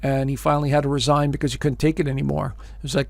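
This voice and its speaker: A gravelly-voiced man, pitched a touch high, talks straight to his audience in a casual, emphatic commentary, calling them folks and leaning on fillers and repeated phrases. The sound is dry and close, with no room around it. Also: little pitch movement, very fast, dry recording. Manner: emphatic, addresses listeners as folks. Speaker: astrologer hosting his own video show.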